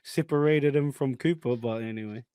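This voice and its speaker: A man hosting a podcast in casual chat, slangy and quick to chuckle, calling his guest "brother". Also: medium pitch, warm tone, clear, resonant tone, no room sound. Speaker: podcast host.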